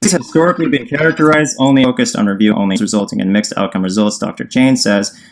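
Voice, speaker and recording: A man's voice: mid-range voice, fast, slight background noise. A man on a livestream call arguing insistently, reading definitions aloud and cutting in. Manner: insistent, reads definitions aloud, talks over the other person. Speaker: livestream debater. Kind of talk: heated livestream argument.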